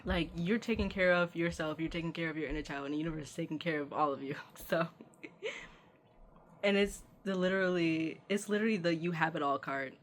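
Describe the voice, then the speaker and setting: A woman's voice: deep voice, a little fast, a little hiss or hum. A woman giving a channeled tarot reading, speaking straight to the listener in an earnest, affectionate way. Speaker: tarot reader.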